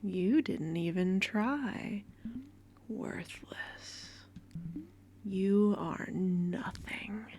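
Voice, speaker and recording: Woman doing a cruel whispering inner voice, slow and scornful, hushed and distant, faint hiss behind. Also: medium pitch. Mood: contemptuous.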